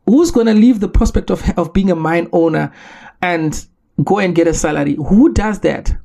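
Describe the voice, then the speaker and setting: A man from Zimbabwe, hosting a solo podcast and making his case in an earnest, measured way with rhetorical questions. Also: sits high, vocal fry, mellow. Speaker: podcast host.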